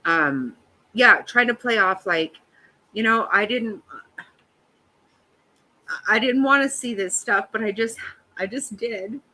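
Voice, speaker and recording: A woman's voice: fairly high pitch, slow pace, long pauses, bright, forceful tone, low-quality recording. A woman in her fifties hosting a livestream, chatting casually with viewers and giving blunt, profane reactions to a trial. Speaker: livestream host.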